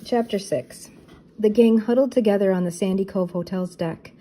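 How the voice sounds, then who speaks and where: Woman narrator for a children's chapter book; steady storybook delivery, mellow tone. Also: medium pitch, moderate pace, poor audio. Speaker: storybook reader. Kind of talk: reading a children's book aloud.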